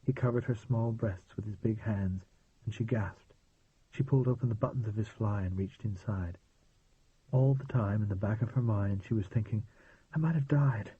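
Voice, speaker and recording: A man narrating an audiobook in a steady, measured reading voice. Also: lowish voice, breathy edge. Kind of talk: scripted narration. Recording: tinny phone-like dry sound.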